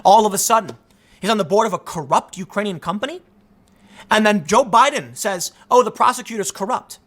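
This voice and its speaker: Male commentator, bright and edgy tone, lively swooping pitch, indignant rant delivery with stumbling restarts. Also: brisk. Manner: emphatic and indignant, repeats words as he restarts. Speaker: political commentator, show host. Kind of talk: heated political commentary monologue.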